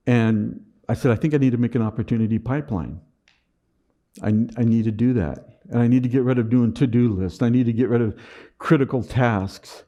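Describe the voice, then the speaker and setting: A man's voice: mid-range voice, fairly quick, mellow, muffled recording. A man giving a motivational talk at a conference with a sarcastic, dry sense of humor, often repeating words as he starts a sentence. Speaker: conference speaker. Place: conference stage.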